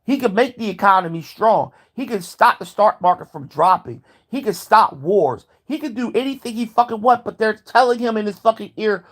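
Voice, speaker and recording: A man's voice: sits high, animated, fairly quick, few pauses, fairly bright tone. A man vlogging a heated, profane rant, repeating himself as he builds his point. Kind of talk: ranting commentary.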